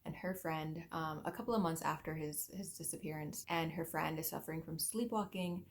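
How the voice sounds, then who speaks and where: A book vlogger rambling casually to camera about books, self-deprecating and full of "like" fillers. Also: female voice, low-pitched, steady tone, brisk, slight background noise.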